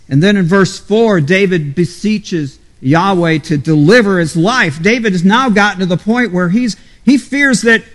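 Man, pastor, high-pitched voice, unhurried sermon delivery, fervent emphasis, echoing sanctuary. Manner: earnest, measured preaching with fervent emphasis on quoted appeals. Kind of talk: expository sermon. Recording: reverberant hall.

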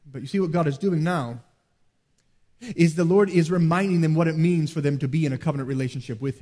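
A man preaching a sermon as pastor, earnest, rising to emphatic peaks and dropping low. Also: quick pace, warm tone, in a large hall.

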